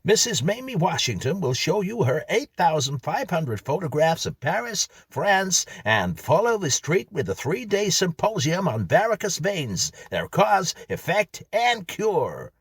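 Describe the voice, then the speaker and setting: A brash American announcer booms from a record, as a man puts him on. The voice is pushed high and loud. It has a husky edge. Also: big pitch swings, a little slow, few pauses, no room sound, studio quality, heavily acted. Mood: booming. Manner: booming showman announcing.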